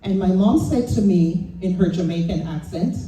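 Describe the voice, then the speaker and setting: Woman, acceptance speech, heartfelt, mellow, roomy hall sound, faint background ambience. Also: fairly low pitch, slight background noise. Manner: grateful, heartfelt and measured. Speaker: award recipient giving acceptance speech. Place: event hall. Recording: echoey hall, distant mic, faint ambience.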